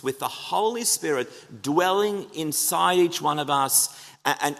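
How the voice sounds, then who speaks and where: A man's voice: on the high side, gravelly, fairly bright tone. A man preaching an earnest, emphatic sermon in a church, asking the congregation rhetorical questions. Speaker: pastor. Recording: long reverb of a church hall.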